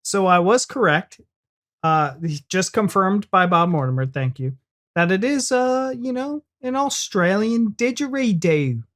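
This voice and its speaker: A man's voice: high voice, expressive, measured pace, fairly bright tone. An American man hosting a reaction video, chatting casually and joking with his co-host. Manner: playful, jokey banter.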